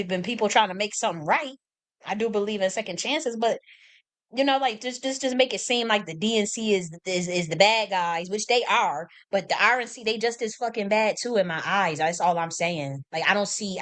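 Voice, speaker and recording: A woman's voice: on the high side, a bit bright. Blunt, profane woman venting. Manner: rambling with many restarts. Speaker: livestream host. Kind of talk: unscripted livestream monologue.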